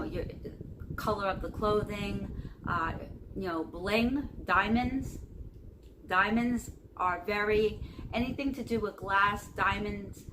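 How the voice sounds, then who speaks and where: A woman vlogging casual spiritual advice to camera, rambling with many fillers and checking in with "okay?". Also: medium pitch. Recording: noticeable background noise.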